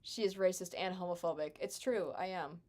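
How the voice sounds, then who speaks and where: A woman's voice: fairly low pitch, brisk, a little mellow. A young adult woman chatting casually with her live stream chat while gaming, sarcastic and chatty.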